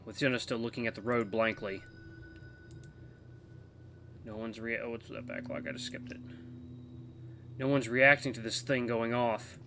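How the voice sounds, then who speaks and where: A man's voice: medium pitch, a little hiss or hum. A man hosting a let's play, chatting casually and reading a visual novel's narration aloud with expression. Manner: animated, reads narration with expression, laughs.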